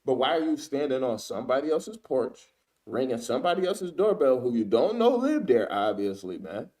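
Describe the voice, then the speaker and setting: A man's voice: mid-range voice, big pitch swings, normal speed, a little mellow. A man giving casual spoken commentary as a ministry speaker, who weaves in scripture quotes and keeps tagging his sentences with "man" and "right?".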